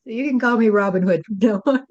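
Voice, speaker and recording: A woman's voice: on the high side, fast, a little mellow, dull audio. A woman acting as a spirit medium, relaying channeled messages in a musing way and often tagging her lines with "you see.".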